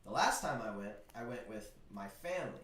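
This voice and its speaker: An animated young man co-hosting a casual sports talk show, swearing freely as he tells a story. His pitch moves a great deal. He sounds set back from the mic in an echoey room, with faint background noise. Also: fairly quick. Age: 20s. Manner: animated storyteller, swears and laughs while retelling. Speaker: sports betting podcast co-host. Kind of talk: casual chat. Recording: roomy, distant mic with faint ambience.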